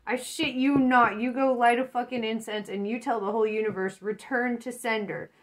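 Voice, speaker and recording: A woman's voice: fairly high pitch, fairly even intonation, a little fast. A woman doing a casual tarot reading, swearing a lot, laughing often and getting fired up. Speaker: tarot reader.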